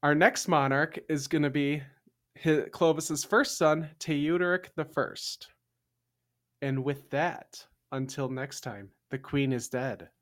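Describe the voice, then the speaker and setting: A man's voice: fairly high pitch, slow, fairly bright tone. A man co-hosting a casual history podcast, chatty and jokey, often trailing off and restarting. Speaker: podcast co-host.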